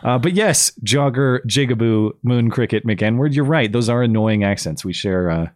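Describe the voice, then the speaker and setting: A man's voice: mid-range voice, expressive, normal speed, no echo, clean studio sound. A man hosting a call-in show, chatting casually and rambling with plenty of fillers and restarts. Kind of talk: casual chat.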